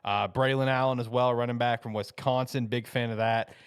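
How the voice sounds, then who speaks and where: A man's voice: mid-range voice, fairly even intonation, a little fast, smooth, no room sound, studio quality. A man co-hosting a football show, talking enthusiastically and emphatically about draft picks in casual chat.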